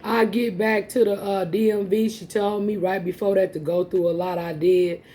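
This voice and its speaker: Woman vlogger, warm mellow tone, casual storytelling to viewers, laughs often. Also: medium pitch, moderate pace. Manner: animated, laughing often, addresses viewers as y'all. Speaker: mukbang vlogger. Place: home, eating on camera.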